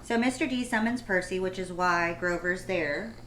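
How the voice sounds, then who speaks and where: Middle-aged mom recapping a book, teasing jokes, echoey room. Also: female voice, fairly low pitch, normal speed, a bit bright. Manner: joking, teasing asides. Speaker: mother reading along. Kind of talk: casual book chat. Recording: echoey room with faint hiss.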